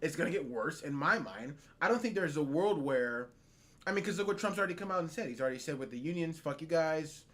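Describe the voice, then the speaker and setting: A man's voice: fairly high pitch, expressive, fast talker, fairly bright tone. A man co-hosting a podcast, ranting in heated, profane, incredulous bursts during casual talk. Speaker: podcast co-host.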